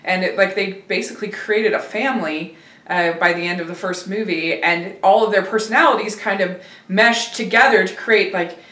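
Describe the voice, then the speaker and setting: A woman hosting a film review chat, talking casually and hesitantly with many pauses and restarts. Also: medium pitch, a bit bright. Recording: roomy, distant from the mic.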